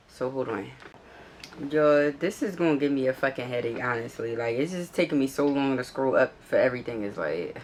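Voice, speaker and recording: A woman's voice: a bass voice, a bit bright, a little hiss or hum. A woman vlogger telling a story in a casual, blunt and profane way, reading out text messages as she scrolls through them. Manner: blunt, profane, exasperated retelling; reads texts aloud while scrolling.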